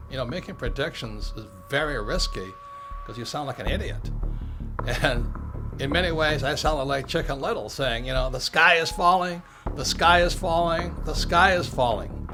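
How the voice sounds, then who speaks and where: Plainspoken older man over music. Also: medium pitch. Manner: plainspoken, conversational, peppered with "you know". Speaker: author and speaker. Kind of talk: talk with documentary narration.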